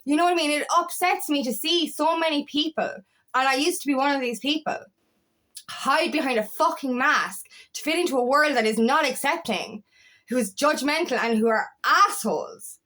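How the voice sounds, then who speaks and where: A woman's voice: high-pitched, normal speed, sharp tone. Fiery, swearing woman coach. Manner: fiery, swears often, repeats herself. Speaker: empowerment coach. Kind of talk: impassioned motivational monologue.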